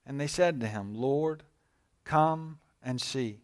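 High-voiced man preaching a sermon. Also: animated. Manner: swings from hushed to loud and emphatic, slows on key words. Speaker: pastor. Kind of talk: sermon with scripture reading.

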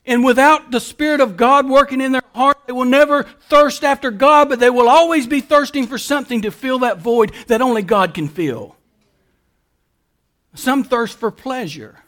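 A man with an unusually high voice delivers a sermon. He talks in an emphatic preaching manner, swinging from quiet, explanatory passages to loud, stretched-out calls. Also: normal speed. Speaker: pastor.

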